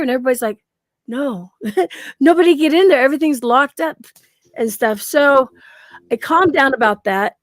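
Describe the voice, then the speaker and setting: A woman with a fairly high voice recounts her paranormal encounters in a lively podcast chat. She acts out what people said and laughs often. The sound is close and dry. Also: normal speed, no room sound. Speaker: guest paranormal researcher. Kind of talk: casual storytelling on a podcast.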